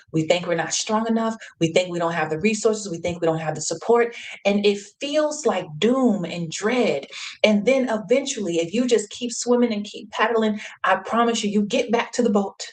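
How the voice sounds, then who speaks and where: Female host, casual motivational storyteller, lively, laughs a lot, acts out quotes. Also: mid-range voice, moderate pace, poor audio.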